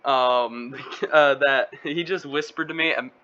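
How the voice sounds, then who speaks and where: A man's voice: medium pitch, takes it slowly, sharp tone. A man co-hosting a casual podcast, giggly and loose, hesitating with fillers. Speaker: podcast co-host. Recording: muffled lo-fi audio with faint hiss.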